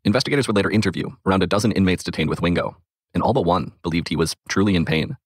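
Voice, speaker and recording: A man narrates in a measured, matter-of-fact way, reading a script as host. His voice sits very low and he talks fast. The sound is dry and close. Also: husky, no echo.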